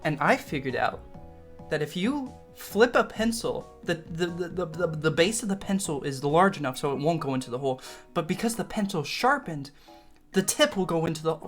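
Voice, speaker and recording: A man's voice: on the high side, animated, moderate pace, soft background music. A young man telling a story from his school days in a casual, rambling way, swearing freely, mocking himself and laughing often.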